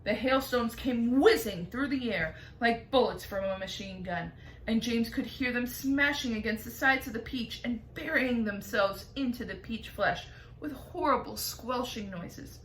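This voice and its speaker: A woman teacher reading a chapter book aloud with lively storytelling. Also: a little high, unhurried. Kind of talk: expressive read-aloud. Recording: echoey room, faint noise.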